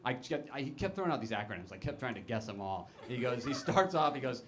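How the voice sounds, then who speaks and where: A young man doing a stand-up comedy set, telling stories deadpan with sudden high-pitched quoted panic. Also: moderate pace, background noise. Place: comedy club stage with laughing audience.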